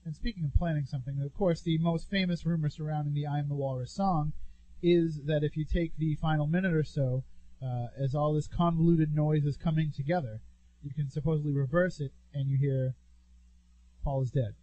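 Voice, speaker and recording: A man's voice: fairly high pitch, steady tone, a little fast, mellow, dull audio. A man hosting a radio talk show, chatting casually and leading the conversation.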